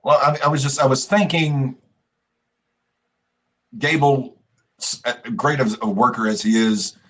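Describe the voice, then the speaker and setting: A man co-hosting a wrestling podcast, talking casually in halting starts and repeated words. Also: medium pitch, fairly even intonation, a bit bright. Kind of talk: casual chat.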